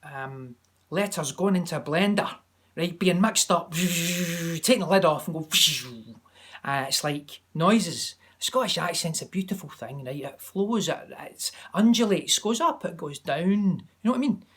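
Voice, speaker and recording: A man vlogging from home, giving a chatty, animated accent tutorial that wanders into asides. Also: a little high, measured pace, breathy edge. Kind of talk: casual to-camera tutorial. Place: home, during lockdown.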